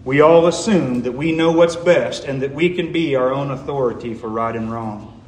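A man's voice: mid-range voice, moderate pace, roomy sound, in a large hall. A man preaching a sermon as a pastor, asking the congregation one rhetorical question after another.

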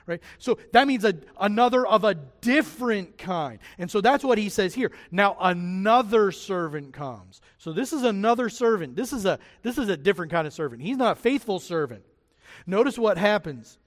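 A man preaching a sermon as pastor, animated and lively, acting out the voices of the people he quotes. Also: sits high, moderate pace, big-room sound. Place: church sanctuary.

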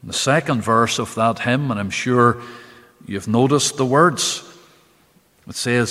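A man preaching a midweek Bible study to a camera in an empty church, slow and emphatic, lifting his voice on key phrases. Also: mid-range voice, pushed and bright. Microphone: camera recording for online viewers. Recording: long reverb in an empty church.

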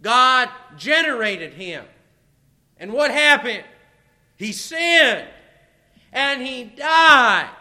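A man's voice: high voice, sharp tone. A man preaching a sermon as pastor, folksy and emphatic, repeating his key phrases for stress. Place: church sanctuary. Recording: long hall reverb.

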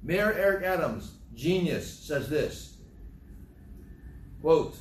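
A man with a somewhat high voice lectures on consequences, piling up repeated phrases and dry sarcasm. He sounds set back from the mic in a roomy space. A faint hiss runs underneath. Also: expressive, moderate pace, recorded from a distance. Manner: repetitive, emphatic storytelling; sarcastic asides. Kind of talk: moralizing talk commentary.

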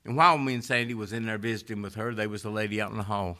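A man preaching a sermon, swinging from loud rising exhortation down to hushed near-whispers. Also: fairly low pitch, steady tone, racing, hardly any pauses.

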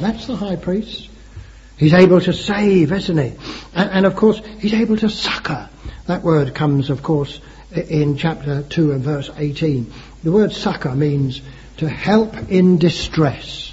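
A man delivers a sermon in a husky, breathy voice pitched a little high, his phrases climbing to emphatic peaks. He stumbles on words and fills pauses with uh. The recording is dull and lo-fi. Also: darkish tone. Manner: earnest, rising emphatic phrases, frequent uh and repeated words. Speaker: preacher.

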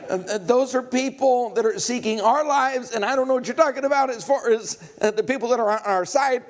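A man's voice: very high-pitched, a little fast, hardly any pauses. A male preacher delivering a sermon, retelling a scripture story with humor and acting out the dialogue.

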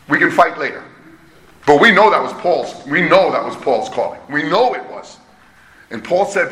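A man's voice: fairly high pitch, lively intonation, moderate pace, pushed and bright. A middle-aged man preaching a conversational, emphatic sermon as pastor. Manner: conversational, emphatic, self-deprecating. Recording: echoey room with faint hum.

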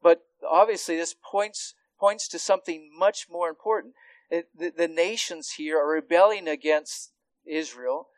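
Earnest preacher man, fairly high voice. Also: unhurried, no echo, low-quality recording. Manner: earnest teaching with frequent restarts and rhetorical questions. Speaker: pastor. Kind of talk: expository sermon.

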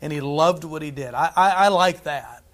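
A man's voice: fairly high pitch, normal speed. Conversational preacher man. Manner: conversational, frequent "right?" asides, swings between loud and hushed. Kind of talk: sermon.

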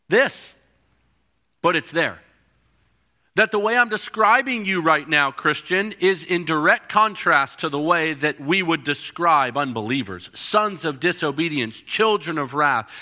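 A male pastor preaching a sermon in a church, explaining scripture and acting out the voices in the stories he tells. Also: fairly high pitch. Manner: expressive preaching, acts out quoted voices.

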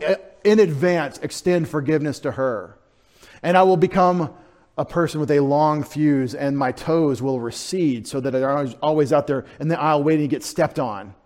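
A man of medium pitch preaches with lively, conversational energy, alternating loud stresses with hushed asides. He works through Greek words aloud and peppers the sermon with jokes.

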